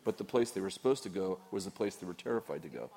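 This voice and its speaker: A man's voice: low voice, animated, quick pace, creaky, dark tone. A middle-aged man, a pastor, talking candidly in a Q&A with a rambling, teasing manner and frequent restarts. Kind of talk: candid Q&A talk to a church audience.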